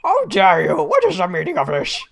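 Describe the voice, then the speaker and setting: Woman doing a snooty posh prosecutor guy, clipped, lowish, music faint behind. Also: huge pitch swings, normal speed, vocal fry, slight background noise, heavily acted. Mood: indignant. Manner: pompous, clipped.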